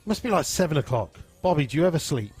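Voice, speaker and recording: An easygoing man in his forties chats his way through a live stream, rambling between stories and viewer shout-outs. Faint music plays softly behind him. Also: on the high side, big pitch swings, fast talker, slightly rough, dry recording. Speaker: live-stream host at a drag racing venue. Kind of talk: casual live-stream chat reading viewer comments.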